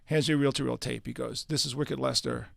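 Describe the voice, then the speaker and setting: An older man, a guest musician on a radio interview, speaks at medium pitch, a little fast, with vocal fry. The studio sound is clean with no echo, and he tells his stories with animation, performing the dialogue he quotes.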